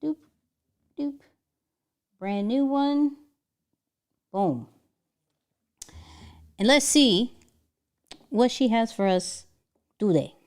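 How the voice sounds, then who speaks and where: Speaking extremely slowly with long pauses, a woman hosts a casual livestream in a fairly high, expressive, slightly mellow voice with a clean tone. She chats in slang, using fillers and restarting her sentences.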